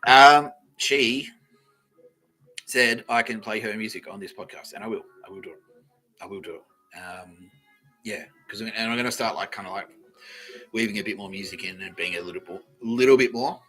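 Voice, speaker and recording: A man hosts his own comedy podcast, talking in a loose, rambling monologue that keeps breaking into giggles and swearing. His voice has a bright, forward edge. Faint music sits behind him. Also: lowish voice, normal speed. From Australia. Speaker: podcast host.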